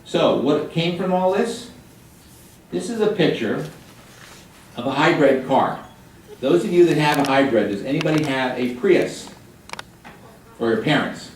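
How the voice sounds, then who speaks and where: An older man giving a guest lecture to high school students, chatty and joking as he quizzes the room. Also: animated, measured pace, long pauses, a little hiss or hum. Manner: chatty, jokey, quizzes the audience. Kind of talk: classroom lecture with questions to students. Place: high school hall or classroom. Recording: echoey room, mic at a distance.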